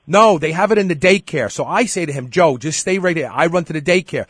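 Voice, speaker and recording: A man's voice: a little high, fast, few pauses, slightly rough, dry recording, studio quality. A middle-aged man hosting a show, telling a story in casual chat and acting out the dialogue. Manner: animated storyteller, acts out dialogue. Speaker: show host.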